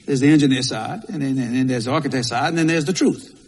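A man's voice: mid-range voice, fast, noisy background. A male pastor, preaching a sermon in a folksy, repetitive way with Southern turns of phrase. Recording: long hall reverb.

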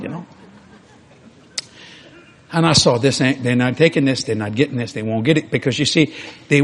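An older man preaching, telling a story in a folksy, animated way and acting out the dialogue. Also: fairly high pitch, slight background noise. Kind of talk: sermon storytelling.

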